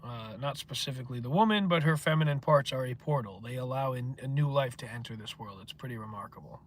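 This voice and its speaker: A man's voice: medium pitch, fast talker, slight background noise. Profane rambling man on a livestream. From northeastern United States. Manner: profane, rambling, answers chat comments. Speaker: livestream host. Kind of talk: casual livestream chat.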